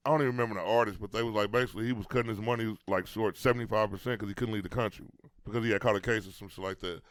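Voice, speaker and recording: A man's voice: lowish voice, steady tone, rapid-fire. A man co-hosting a podcast, musing in easygoing, slangy casual chat. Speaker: podcast co-host.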